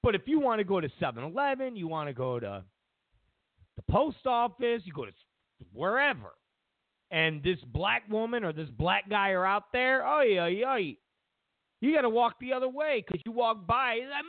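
Speaking a little slowly with long pauses, a high-voiced man rants on his talk show, mocking and swearing in animated bursts. The sound is dry and tinny, much like a phone.

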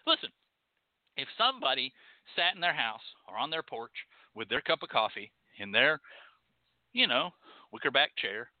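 A man's voice: mid-range voice, sing-song, normal speed, no room sound. Sarcastic, cussing man on a tinny line. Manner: profane, sarcastic, emphatic. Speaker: podcast host teaching folk magic. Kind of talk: ranting monologue. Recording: tinny, phone-like, dry.

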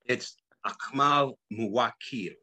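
A man's voice: medium pitch, slow, bright, forceful tone. A man in his seventies, a guest on a radio interview, telling his story with hesitant fillers. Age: 70s. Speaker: guest, health practitioner.

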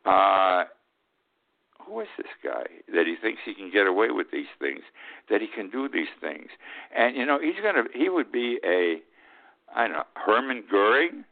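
A man's voice: fairly low pitch, big pitch swings, vocal fry. An older man from upstate New York hosting a radio talk show, giving a blunt, sarcastic commentary monologue and often tagging on "okay?". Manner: blunt, sarcastic, drawn-out emphasis with frequent "okay?". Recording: tinny phone-like radio audio.

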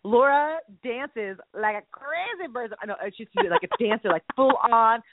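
Lady cohost, lively and jokey, high voice, sounds like a phone line. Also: normal speed, no room sound. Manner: animated, laughing, playful mimicry. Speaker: co-host. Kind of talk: casual radio chat.

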